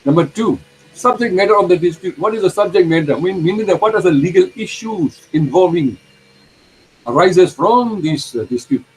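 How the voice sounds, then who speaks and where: A man lecturing a university law class, explaining terms slowly, repeating them and putting questions to the students. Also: high-pitched, lively intonation, slight background noise, rough recording.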